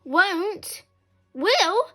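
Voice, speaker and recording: A woman reading a story aloud and voicing a bossy, spiteful schoolgirl who shrieks and yells. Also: very animated, very slow, faint music behind, full character voice. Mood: shrill, bossy. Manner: shrill, yelling, bossy.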